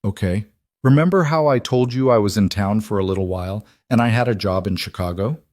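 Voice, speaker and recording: A man voicing a remorseful adult woman who gently tells a child hard news, soft and slow. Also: fairly low pitch, no echo, clean studio sound, natural voice. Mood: gentle.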